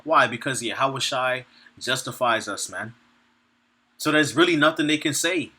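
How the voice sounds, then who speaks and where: A man's voice: mid-range voice, normal speed, bright, forceful tone, breathy edge. A man giving an informal sermon, reading scripture aloud and commenting bluntly and profanely, laughing between points and checking in with his listeners. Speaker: preacher.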